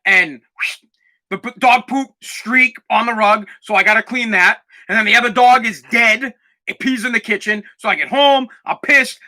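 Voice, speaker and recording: Fed-up 40s male podcast host, high, biting voice, profane rant with shouted outbursts. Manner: aggravated, profane, bursts into shouting. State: dusty throat, clearing it and coughing. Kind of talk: angry ranting monologue.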